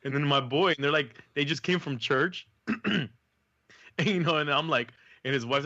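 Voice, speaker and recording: A man with a bright, forceful voice tells an animated story with slang in a relaxed podcast chat. The recording is dry, dull and lo-fi. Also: a little high, normal speed, no echo. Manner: animated anecdote-telling with slang. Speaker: podcast co-host. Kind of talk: casual chat. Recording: dull lo-fi audio.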